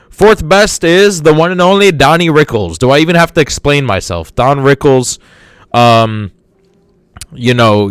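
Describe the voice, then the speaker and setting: A man's voice: medium pitch, no echo. A man hosting a podcast in a casual monologue, rambling and repeating words with enthusiasm. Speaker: podcast host.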